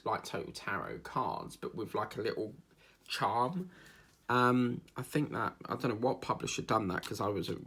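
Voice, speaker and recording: A man from England chats away while crafting, wandering from one story to the next. His voice is gravelly and a bit husky. His pitch swings a lot as he talks. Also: fairly bright tone. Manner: rambling, chatty, drifts into mimicked accents. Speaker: diamond painting vlogger. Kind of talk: casual chat while crafting.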